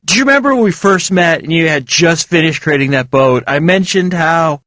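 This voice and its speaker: A man's voice: a little high, animated, normal speed, a bit bright, dry recording, voice pushed up. A man voicing an insistent, raised-voice warner. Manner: insistent, urgent.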